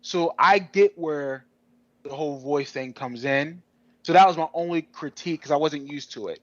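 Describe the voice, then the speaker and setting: A man co-hosting a podcast in casual discussion, animated and rambling with many restarts. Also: on the high side, normal speed, dry recording, highs cut off. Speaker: podcast co-host.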